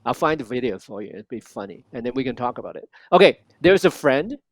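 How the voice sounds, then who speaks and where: Animated male accent coach, dry close mic. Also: medium pitch, dry recording. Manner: animated, models lines slowly and repeats them. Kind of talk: one-on-one language lesson.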